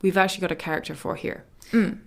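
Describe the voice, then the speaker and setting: Woman teaching mandarin on a podcast, chatty, says the example words slow and clear. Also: lowish voice, fairly even intonation. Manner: slow careful model phrases, chatty explanations. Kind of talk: language lesson podcast.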